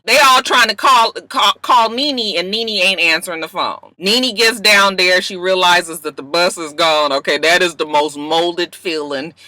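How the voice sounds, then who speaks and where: A woman giving a sassy, profane, animated recap of a reality TV episode from her car. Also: mid-range voice, dry recording. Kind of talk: casual reality show recap. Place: parked car.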